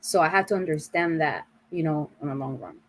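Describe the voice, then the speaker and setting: Woman panelist, lowish voice, earnest, explanatory, casual panel talk. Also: brisk, a little hiss or hum, rough recording.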